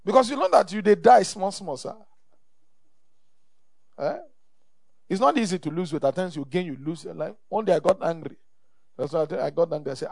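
A middle-aged man with a Nigerian accent preaches a sermon, pressing his points by repeating them and calling out for amen. His voice sits high and carries a gravelly edge. The sound is close and dry, with no room around it. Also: animated, a little fast, long pauses, a little mellow, dry recording. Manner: emphatic, repeats phrases, calls for amen. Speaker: pastor.

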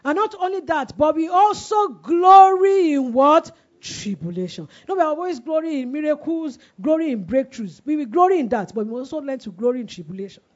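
A woman's voice: high voice, big pitch swings, quick pace, hardly any pauses, mellow. A woman in her forties preaching a sermon, asking the congregation questions and letting them answer, with emphatic delivery. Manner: call-and-response questioning, emphatic. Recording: dull lo-fi recording.

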